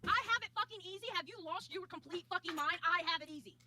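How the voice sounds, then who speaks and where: Furious high-voiced woman cursing fast. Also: over a noisy crowd. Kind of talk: heated argument on stream.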